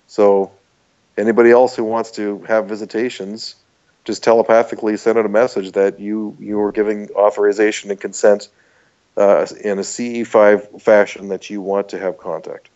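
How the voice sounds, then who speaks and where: A man's voice: on the low side, flat delivery, normal speed, a little mellow, muffled recording. A man from Canada with a Canadian accent, a guest chatting casually and earnestly in an interview, with some restarts. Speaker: podcast guest.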